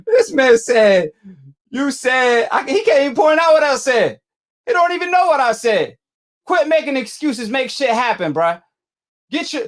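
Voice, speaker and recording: A man hosting a boxing call-in show, arguing with a caller in a combative, slangy way and repeating himself. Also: very high voice. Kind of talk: heated call-in debate.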